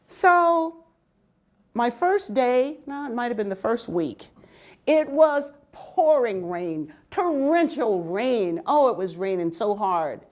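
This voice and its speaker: An older woman telling stories from her working life, humorous and lively, often laughing. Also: fairly high pitch, slow. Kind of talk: personal storytelling talk.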